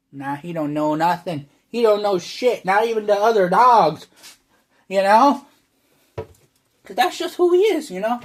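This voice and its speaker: Man vlogger, slow drawling delivery, cursing and rambling in an overblown persona. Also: high-pitched. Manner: exaggerated brash persona, heavy swearing, rambling. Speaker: online video creator. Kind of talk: rambling profane monologue to camera.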